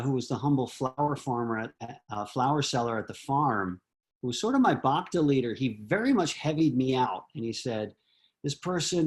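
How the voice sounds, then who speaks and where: A man on a video call, earnestly telling a personal memory with many fillers and restarts. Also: mid-range voice. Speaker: disciple giving homage.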